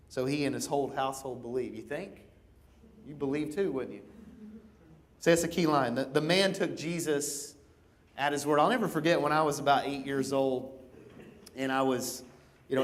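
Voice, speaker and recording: Animated man preaching in church. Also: mid-range voice. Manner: conversational, repeats "right?" often; animated, acts out begging in a raised voice. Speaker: pastor. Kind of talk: sermon. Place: church auditorium.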